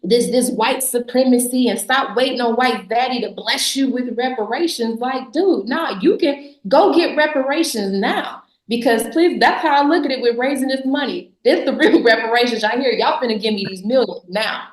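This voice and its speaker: A woman with a fairly high voice speaks bluntly and sarcastically, pressing her points with emphasis and laughing often. She talks in a casual interview. The recording has a noticeable room echo. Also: moderate pace, few pauses. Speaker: podcast guest, business founder. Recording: echoey room.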